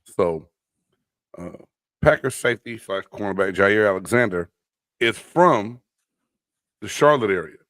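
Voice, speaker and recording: A man co-hosting a casual sports podcast, telling stories animatedly and acting out quotes loudly. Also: on the low side, expressive, a little slow, pauses often, no echo. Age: adult. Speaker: podcast co-host.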